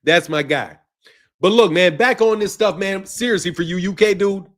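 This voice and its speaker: A man from the United States ranting without a script as a boxing channel commentator, loud and profane, laughing between lines. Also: high-pitched, normal speed. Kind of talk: unscripted profane rant.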